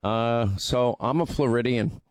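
A man's voice: mid-range voice, a little slow, no echo. A man from New York hosting a talk radio show, rambling through news and banter with plenty of fillers. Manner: rambling, chatty, with many fillers. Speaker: radio host.

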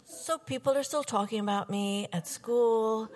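A young adult woman performing a personal story with wry, comic timing and pauses. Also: fairly high pitch, a little mellow, big-room sound, slight background noise.

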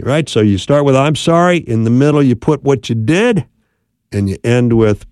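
A man's voice: mid-range voice, expressive, moderate pace, a little mellow, no echo, studio quality. A man teaching about apologies in marriage, in a conversational style with frequent tag questions. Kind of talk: instructional talk on marriage.

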